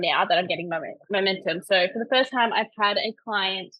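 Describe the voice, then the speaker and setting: A woman's voice: medium pitch, expressive, a little fast, fairly bright tone, no echo, poor audio. A woman personal trainer guesting on a casual podcast, chatty, leaning on "like" and laughing easily.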